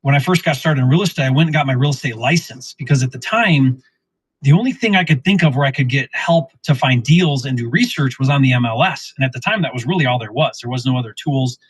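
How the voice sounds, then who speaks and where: A middle-aged man telling a real estate story in casual lesson form, acting out the dialogue with lively restarts. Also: mid-range voice, quick pace, breathy edge, poor audio. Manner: animated, acts out quoted dialogue, frequent restarts. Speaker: real estate investor teaching wholesaling.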